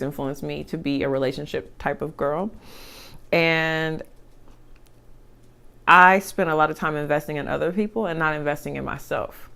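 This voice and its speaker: A young woman chatting casually as she eats on camera, animated, with side remarks and chewing sounds between thoughts. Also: deep voice. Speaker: mukbang vlogger. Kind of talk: casual chat while eating.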